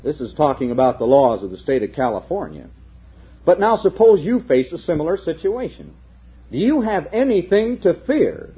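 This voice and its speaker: Lively lo-fi preacher, rhetorical questions. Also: male voice, fairly high pitch, moderate pace, slightly rough. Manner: rhetorical questions, swings from loud to hushed. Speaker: minister preaching to a congregation. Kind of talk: sermon.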